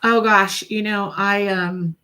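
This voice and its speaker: A woman's voice: mid-range voice, fairly even intonation, slow, pushed and bright, clear, resonant tone. A woman guest in a casual interview, talking earnestly with lots of fillers and restarts, speaking from home. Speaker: guest, food nonprofit executive director. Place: at home by her garden.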